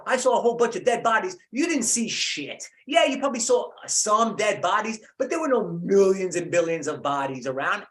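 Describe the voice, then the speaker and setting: A man's voice: high voice, fairly bright tone. A man hosting a podcast, delivering a heated, profane, rambling solo rant. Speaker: podcast host.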